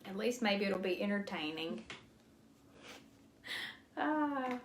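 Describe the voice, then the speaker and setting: This crafting livestream host speaks slowly in an expressive, mid-range voice. She leads a casual live craft demo from an echoey room with faint noise, staying chatty, self-deprecating, and quick to laugh at her own mistakes.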